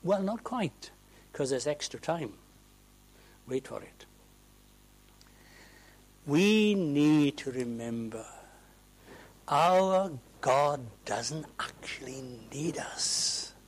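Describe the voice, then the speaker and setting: A man preaching a sermon in a church, swinging from hushed asides to loud, ringing proclamations. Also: fairly high pitch, lively intonation, extremely slow, long pauses, rough recording.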